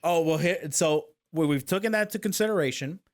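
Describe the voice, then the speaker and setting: Speaking quickly in a voice on the high side, a talk show host leads a relaxed chat on his stream. He explains the rules to his guest step by step, pausing to ask "okay?".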